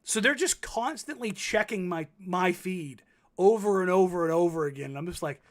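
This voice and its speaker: A man's voice: high-pitched, expressive, normal speed. A man in his thirties, co-hosting a casual sports talk show, telling stories with many fillers and restarts. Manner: rambling, filler-heavy storytelling. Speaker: co-host.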